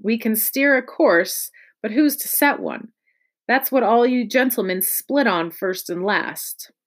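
Woman putting on a gruff scheming pirate man. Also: a little high, lively intonation, a little slow. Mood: scornful. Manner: coaxing, rough sailor's talk.

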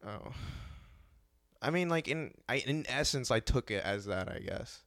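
A man co-hosting a podcast in casual chat, with relaxed, offhand, hedging remarks. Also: mid-range voice, unhurried, no echo, studio quality.

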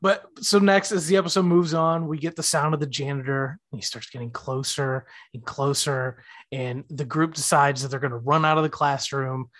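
A man's voice: fairly high pitch, normal speed. A man in his thirties hosts a casual podcast chat. He retells scenes with energy and keeps slipping into the characters' lines as he goes. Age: 30s. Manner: animated, acts out characters' lines while retelling. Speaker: podcast co-host. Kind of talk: casual chat recapping a TV episode.

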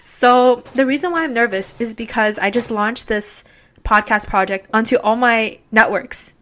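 A young woman talks into her podcast microphone in a loose, candid monologue, with a voice that sits slightly high. She laughs often and scatters fillers through her talk. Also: normal speed, pushed and bright. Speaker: podcast host. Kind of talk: casual solo podcast monologue.

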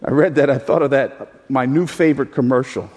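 A man preaching a sermon as pastor, with emphatic delivery that leaps into high, animated voicing. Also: brisk. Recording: echoey hall with long reverb.

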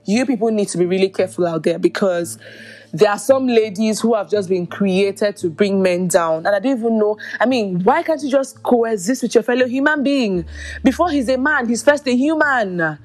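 A woman, exasperated and incredulous as she picks apart an online spat. She talks straight to her listeners in a mid-range voice, with soft music playing behind her. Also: mid-range voice, normal speed. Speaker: podcast host. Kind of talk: commentary on social media drama.

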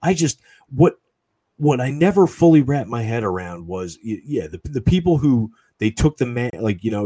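A man in casual chat, swearing often and ranting with lots of fillers, his voice husky and close to the mic. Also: mid-range voice, expressive, normal speed, dark tone, no room sound.

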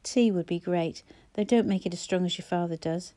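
Woman voicing hoarse, wry sick woman Clara. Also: lowish voice, normal speed, dark tone, natural voice. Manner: wry, teasing. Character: ailing older woman, hoarse, dry wit.

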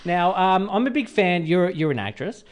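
A man hosts a radio interview from the studio, teasing his guest and cracking quick jokes. His pitch swings up and down with animated energy. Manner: playful, joking, quick asides. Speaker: radio host.

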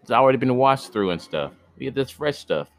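A man's voice: mid-range voice, expressive, a little fast, no room sound, studio quality. A man hosting a podcast, reading a myth aloud and stopping for joking, slangy asides, stumbling over names. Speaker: podcast host reading myths. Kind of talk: myth reading with casual commentary.

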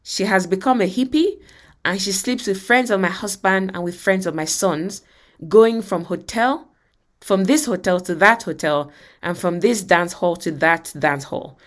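A woman's voice: mid-range voice, a little slow, natural voice. A woman reading aloud the part of a distraught middle-aged mother pleading with her pastor. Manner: read aloud with rising emphasis.

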